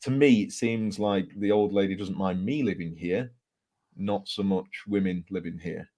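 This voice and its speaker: A guest author from England, his voice sitting low and his pace normal, recounts ghost stories casually in an interview setting. His delivery is animated, peppered with laughter and fillers.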